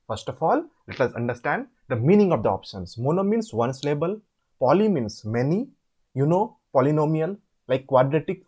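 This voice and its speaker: A man with an Indian English accent tutoring students through an English assignment, explaining step by step and repeating words slowly. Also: on the high side, mellow, husky. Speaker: online course tutor. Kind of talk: assignment walkthrough lesson.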